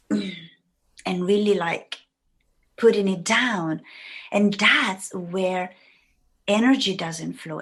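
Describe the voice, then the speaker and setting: A woman's voice: mid-range voice, breathy edge. A woman guest on a podcast who talks in a rambling way and acts out the thoughts she quotes. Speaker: guest, writing mentor. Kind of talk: casual podcast conversation.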